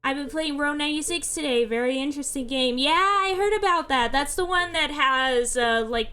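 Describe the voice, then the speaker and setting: Sleepy lady streamer, chatty and rambly, laughs a lot, kinda high bright voice. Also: clear, resonant tone. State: sleepy, yawning. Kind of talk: casual livestream chat.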